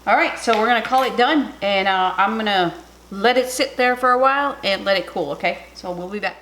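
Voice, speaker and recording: A woman hosting a casual home cooking video, chatty and excitable, talking straight to her viewers. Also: mid-range voice, brisk, a little hiss or hum. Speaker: cooking vlogger. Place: home kitchen.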